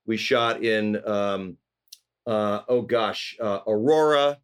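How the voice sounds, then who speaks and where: A middle-aged man from California, a guest actor telling animated stories in casual conversation, often acting out quoted voices. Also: lowish voice, slow pace, clean tone. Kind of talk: casual storytelling.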